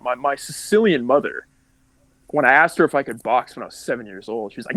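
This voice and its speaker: A man's voice: medium pitch, sing-song, brisk, fairly bright tone, low-quality recording. A young man from California telling his life story as a podcast guest, candid and rambling, full of likes and restarts. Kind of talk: casual storytelling.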